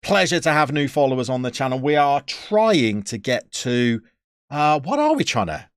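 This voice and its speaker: A man's voice: medium pitch, very animated, normal speed, smooth, no echo, studio quality. A British man live-streaming a football manager game, chatting casually, reading out viewers' messages and poking fun at himself. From United Kingdom. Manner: chatty, self-mocking, reads out chat.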